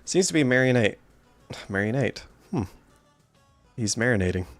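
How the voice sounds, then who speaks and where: A man's voice: mid-range voice, lively intonation, normal speed, faint music behind. A man streaming a horror game, commenting with joking, self-deprecating asides.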